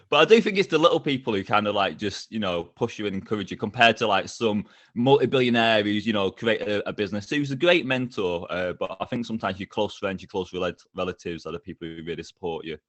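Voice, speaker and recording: A middle-aged man, a podcast guest telling stories with lively energy and frequent laughs. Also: lowish voice, brisk, no room sound. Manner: energetic, animated, laughs often. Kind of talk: casual storytelling interview.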